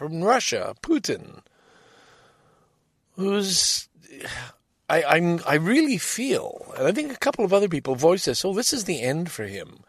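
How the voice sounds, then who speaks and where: A man's voice: a little high, no room sound, clean studio sound. A man talking alone on his own podcast, rambling and reflective, often restarting his sentences. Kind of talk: casual solo podcast monologue.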